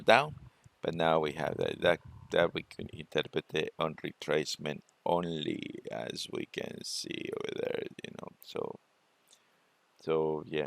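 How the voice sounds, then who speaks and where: A man presenting a forex trading walkthrough, talking it through unhurriedly with many fillers and pauses. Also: a bass voice, creaky, no echo. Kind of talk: screen-share trading walkthrough.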